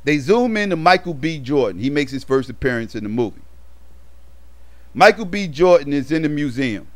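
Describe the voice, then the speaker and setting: A man's voice: on the high side, sing-song, moderate pace, dry recording. A man casually retelling a movie plot for his review, rambling with lots of fillers and slang.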